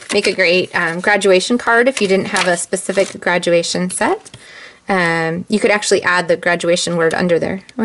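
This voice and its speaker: A woman demonstrating a card-making craft step by step, chatty and relaxed, with frequent ums. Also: medium pitch, slight background noise. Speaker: stamping demonstrator. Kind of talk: casual craft tutorial.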